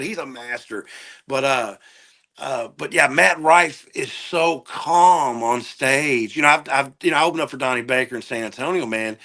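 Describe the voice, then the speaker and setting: A man guesting on a podcast, telling profane, animated stories and doing quick impressions of people in casual chat. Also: mid-range voice. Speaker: guest comedian.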